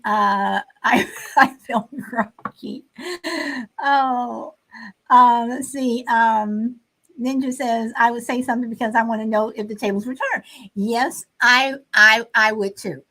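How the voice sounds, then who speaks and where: A woman's voice: fairly high pitch, fairly bright tone, rough recording. A woman hosting a casual live stream, chatting with many fillers and reading out viewers' comments.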